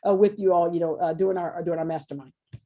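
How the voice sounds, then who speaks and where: A middle-aged woman presents a casual sales webinar for an NFT course, chatty and informal with colloquial phrasing, acting out quoted voices and laughing often. Her voice is fairly low and steady in tone, and she talks very fast. The audio has a phone-quality sound.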